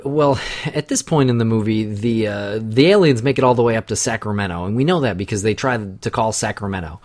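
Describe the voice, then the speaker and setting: A man's voice: on the low side, brisk. A man hosting a casual movie-watching podcast, joking in a mock-panicked way. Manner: jokey, mock-panicked, animated. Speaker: podcast host. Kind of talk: casual movie commentary chat.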